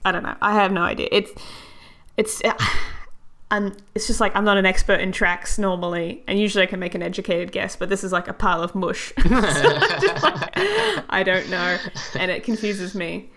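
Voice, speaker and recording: A woman's voice: mid-range voice, moderate pace, fairly bright tone. A woman co-hosting a podcast, chatting casually. She teases her co-host and laughs easily, with a light, playful manner. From Australia. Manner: giggly, playful teasing. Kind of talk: casual chat.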